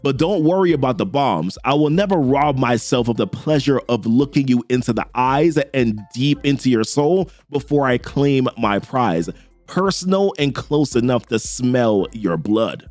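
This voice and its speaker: A man voicing a menacing adult male big-game hunter villain, taunting in a slow, deliberate way. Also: medium pitch, animated, darkish tone, dry recording, soft background music, close to an everyday voice.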